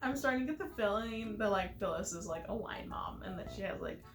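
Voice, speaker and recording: A woman's voice: mid-range voice, animated, fairly quick, reverberant. A young woman hosting a let's play, chatty, giggly and playfully dramatic in her game commentary.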